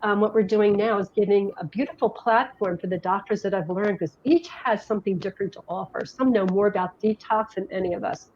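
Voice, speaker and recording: A woman's voice: medium pitch, a little fast, few pauses, darkish tone. A middle-aged woman from New Jersey talks as an interview guest, chatty and rambling with frequent restarts. The recording sounds dull and lo-fi. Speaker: guest, health education director. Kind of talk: conversational interview, storytelling.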